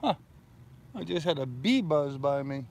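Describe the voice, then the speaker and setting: A man's voice: fairly high pitch, expressive, unhurried, gravelly, a little hiss or hum. An older man chatting casually on a live stream from his boat in a bay, telling rambling stories. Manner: rambling storyteller. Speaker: sailing vlogger.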